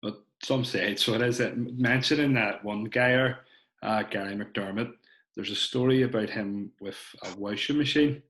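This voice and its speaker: A man's voice: on the low side, moderate pace, fairly bright tone, reverberant. A man hosting a casual podcast interview, chatty and prompting his guest with questions. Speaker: podcast host.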